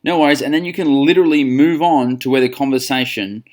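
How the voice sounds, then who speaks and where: A man's voice: mid-range voice, fairly quick, darkish tone. An Australian man coaching gym staff on phone sales, upbeat, acting out both sides of the calls. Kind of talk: instructional talk on phone sales.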